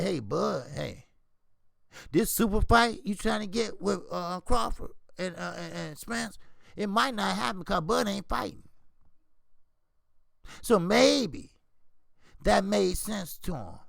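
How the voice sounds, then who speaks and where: A man's voice: sits high, vocal fry, no echo. A man, older, hosting a boxing channel, giving casual opinionated commentary in a preachy, repetitive way. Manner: animated, preachy, repeats "you see?".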